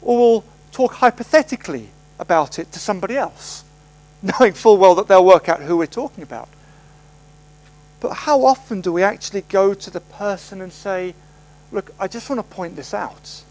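Lively high-voiced male preacher. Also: moderate pace, low-quality recording. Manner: storytelling, conversational, acts out quoted voices. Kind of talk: sermon. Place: church service.

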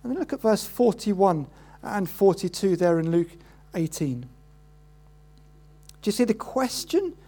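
Guy preaching, lively, acts out the crowd and the beggar. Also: measured pace, pauses often. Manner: animated, acts out quoted voices with rising pitch. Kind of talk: sermon.

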